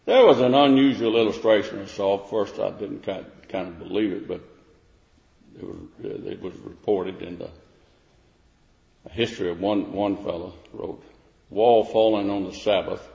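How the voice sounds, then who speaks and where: A man's voice: fairly low pitch, steady tone, moderate pace, gravelly, darkish tone. Man preaching in an echoey hall. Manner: rising to emphatic questions, with restarts. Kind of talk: sermon. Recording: echoey hall, dull lo-fi sound.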